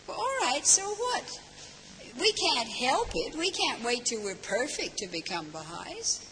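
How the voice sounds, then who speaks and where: A woman's voice: sits high, bright, forceful tone. An older woman giving a reflective religious talk, earnest and emphatic, telling anecdotes and repeating words for stress. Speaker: speaker. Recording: long hall reverb, faint hiss.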